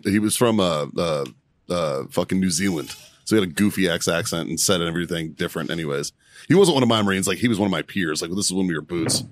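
A man's voice: deep voice, dry recording, studio quality. A man co-hosting a casual podcast, telling a crude story with laughs and acted-out quotes. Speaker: podcast co-host.

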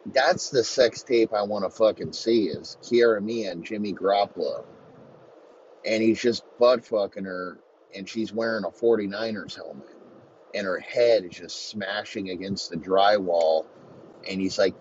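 A low-voiced man rambles through a profane comedic rant on his podcast. His delivery is loose and rambling. The recording is slightly dull, with faint hiss beneath it. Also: fairly even intonation, unhurried. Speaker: podcast host. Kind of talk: crude comedic sports rant.

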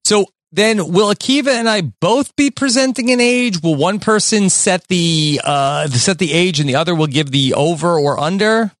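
A man co-hosting a podcast, joking around and halting with fillers. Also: high voice, expressive, no room sound, clean studio sound. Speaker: podcast co-host and contestant. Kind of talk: casual podcast banter.

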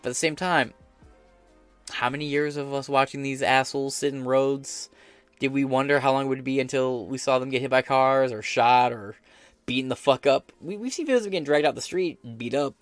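A man's voice: medium pitch, a little fast, no room sound, soft background music. An American man hosting a podcast, giving blunt, profane and sarcastic political commentary while reading headlines aloud. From United States. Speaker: podcast host.

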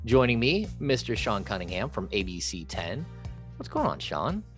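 A man hosting a sports podcast, talking casually with halting restarts and fillers. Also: on the low side, wildly swooping pitch, a bit bright, soft background music. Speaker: podcast host.

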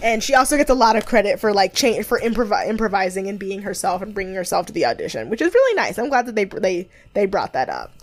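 A woman's voice: mid-range voice, sing-song, fast, hardly any pauses. A young woman co-hosting a podcast, recapping a TV show in rambling, giggly chat full of fillers and acted-out quotes. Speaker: podcast co-host.

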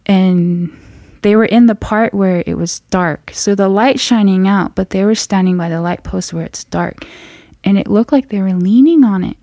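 A woman's voice: medium pitch, mellow, no echo, clean studio sound. Earnest woman telling a scary story. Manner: earnest, halting, with frequent restarts.

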